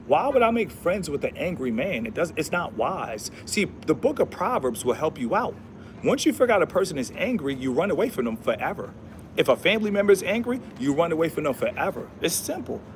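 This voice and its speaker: A man's voice: high-pitched, slight background noise. A man hosting a casual livestream, talking in a preachy, repetitive way with slangy speech and Bible verses. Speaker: livestream host.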